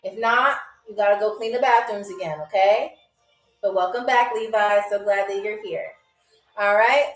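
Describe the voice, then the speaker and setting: A young woman hosting a live-stream trivia game, chatty and playful, teasing viewers by name and repeating phrases slowly. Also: medium pitch, reverberant, faint music behind, poor audio. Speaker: game show host.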